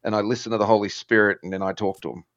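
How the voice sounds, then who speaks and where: A man's voice: on the low side, steady tone, racing, fairly bright tone, no echo, lo-fi sound. Rambling, self-deprecating man, dry sound. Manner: rambling, self-deprecating, acts out voices in quotes. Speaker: podcast guest, former musician. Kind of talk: casual conversational storytelling.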